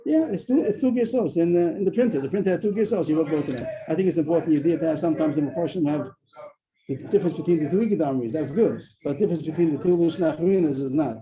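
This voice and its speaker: A man teaching a daily Talmud class over a video call, explaining quickly and often restarting his sentences. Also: a little high, crowd noise, low-quality recording.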